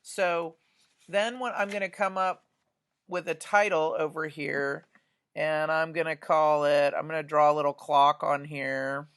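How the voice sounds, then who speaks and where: A woman's voice: sits low, fairly even intonation, a little slow, smooth. A woman art teacher talks students through a drawing demonstration, chatty and often checking in with "right?".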